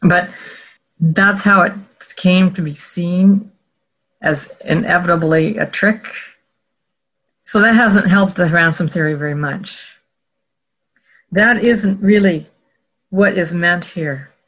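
A Bible teacher working through scripture in a careful, explanatory teaching talk. The speaker goes step by step, pausing to correct and rephrase mid-sentence. The voice sits at a middle pitch. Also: a bit bright, low-quality recording. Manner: measured and explanatory, with frequent self-corrections.

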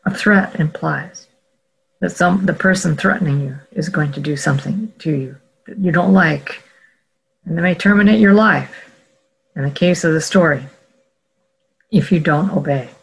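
A Bible teacher working through scripture in a careful, explanatory teaching talk. The speaker goes step by step, pausing to correct and rephrase mid-sentence. The voice sits at a middle pitch. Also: gravelly, breathy edge, rough recording. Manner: measured and explanatory, with frequent self-corrections.

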